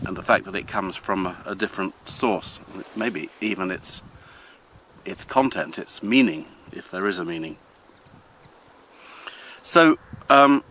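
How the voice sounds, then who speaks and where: An older man hosting a vlog, talking in a thoughtful, measured way with frequent pauses as he walks outdoors in the countryside. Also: lowish voice, bright, forceful tone, a little hiss or hum, poor audio. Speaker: vlog host. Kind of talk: casual explanatory talk on a walk, with a poem reading.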